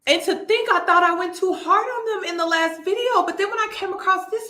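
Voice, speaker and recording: A woman hosting a reaction commentary, animated and exclaiming, often repeating herself. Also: very high-pitched, brisk, hardly any pauses. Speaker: commentary video host. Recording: echoey room.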